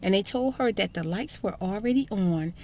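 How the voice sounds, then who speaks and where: A woman's voice: medium pitch, expressive, moderate pace, a little mellow, slight background noise. A woman hosting a casual ASMR storytime, chatty and emphatic, sometimes sinking to a whisper. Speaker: ASMR channel host.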